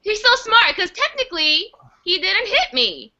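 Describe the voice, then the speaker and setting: A woman's voice: very high-pitched, animated, measured pace, gravelly, bright, forceful tone, highs cut off. A woman co-hosting a casual web hangout, agreeing and backing up the others with short replies. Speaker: co-host.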